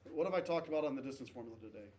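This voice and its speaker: In an echoey classroom captured from far off by a distant camera mic, with faint noise, a male math teacher lectures his class. His mid-range voice is expressive, rapid-fire, and a little mellow, and he repeats key points and checks in with "okay?".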